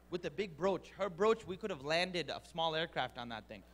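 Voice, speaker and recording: A man teaching to an audience as a lively storytelling lecturer, acting out sounds and teasing the crowd. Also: fairly high pitch, brisk, few pauses. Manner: animated, mimics sounds and voices, teases the crowd. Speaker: Quran teacher and speaker.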